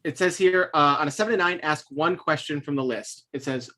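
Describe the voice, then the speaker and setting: A man's voice: fairly high pitch, a little fast, hardly any pauses, bright, forceful tone. A man running a tabletop game as game master, rambling with lots of fillers.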